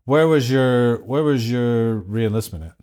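A man hosting a casual interview, asking relaxed follow-up questions. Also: medium pitch, measured pace. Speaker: podcast host.

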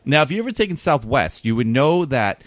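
A man's voice: medium pitch, sing-song, no room sound. A man telling a rambling, self-deprecating travel story in a casual podcast chat. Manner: rambling, self-deprecating, quick anecdotal delivery.

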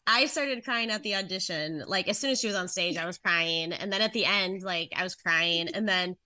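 A woman's voice: on the low side, moderate pace, sharp tone. A woman, a guest's mother, chatting casually in an interview and laughing at herself.

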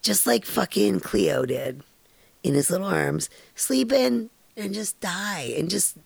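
A woman's voice: medium pitch, lively intonation, takes it slowly, vocal fry, slightly rough, no room sound. A middle-aged woman hosting a podcast, rambling through a personal story in a frank, casual way, with laughter and casual swearing. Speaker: podcast host.

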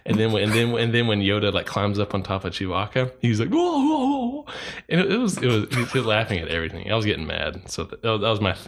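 Low-voiced man in casual chat. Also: quick pace, creaky, hardly any pauses, a little hiss or hum. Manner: animated storytelling, acts out quotes. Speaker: podcast co-host.

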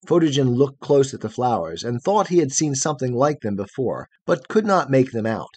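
A man reading a fairy tale aloud in an expressive, melodic storytelling manner. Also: medium pitch, breathy edge, no room sound. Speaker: audiobook reader.

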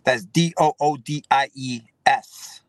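A man's voice: medium pitch, slow, no echo. A man co-hosting a casual chat, easygoing and fond of repeating himself. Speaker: podcast co-host.

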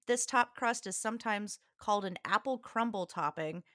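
A woman's voice: mid-range voice, normal speed, bright, forceful tone, dry recording, clean studio sound. A young woman co-hosting a casual podcast chat, reading from notes with frequent giggles. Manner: giggly, reads aloud from notes. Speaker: podcast co-host.

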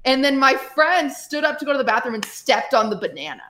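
A woman livestreamer tells a personal story in a loose, rambling way, stacking up "like" fillers as she goes. Her voice sits a little high. The room gives her a noticeable echo. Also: sing-song, a little fast, fairly bright tone. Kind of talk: casual storytelling. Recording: roomy echo.

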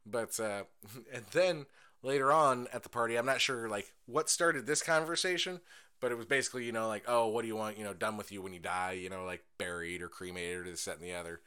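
A man's voice: lowish voice, brisk, clean tone. A young adult man co-hosting a casual podcast chat, telling stories with lots of swearing and laughter. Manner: animated storyteller, swearing, laughing, acting out voices. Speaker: podcast co-host.

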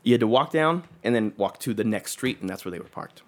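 A man's voice: fairly low pitch, expressive, quick pace. A young adult man telling a long personal story in casual chat, rambling with lots of fillers and swearing.

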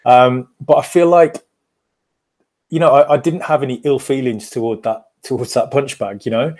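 A man chats candidly on a podcast. His stories come out in animated bursts full of quick restarts. He sounds open and direct. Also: mid-range voice. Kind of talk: casual chat.

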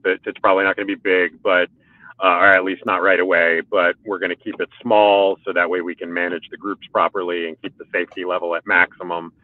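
Deep-voiced man on a tinny phone line. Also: dry recording. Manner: rambling, filler-heavy talk with restarts. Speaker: motorcycle track day organizer and riding coach. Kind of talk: casual podcast chat. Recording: phone-like call audio.

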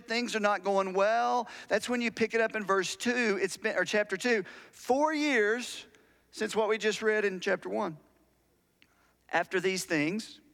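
A man with a high voice preaches in an easygoing, storytelling way and puts questions to the congregation. His words ring out with a long reverb, as in a church hall. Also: a bit bright. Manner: conversational storytelling preacher, asks the audience questions. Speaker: pastor. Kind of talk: sermon.

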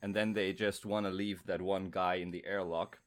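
A man's voice: deep voice, little pitch movement, moderate pace. A man hosting a podcast, retelling scenes in a rambling way with many restarts. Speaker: podcast host. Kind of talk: casual podcast chat.

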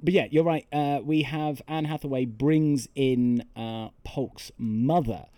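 A man co-hosting a podcast, recapping a film in casual chat with deadpan jokes. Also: medium pitch, slow pace, no echo. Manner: joking, deadpan storytelling with swearing. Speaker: podcast co-host.

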